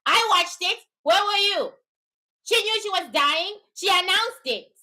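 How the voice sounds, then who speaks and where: A woman's voice: extremely high pitch, expressive, a little slow, bright, forceful tone, rough recording. A middle-aged woman who gives spiritual readings, talking unscripted to her livestream viewers in a fiery, profane, scolding way. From lives in Canada.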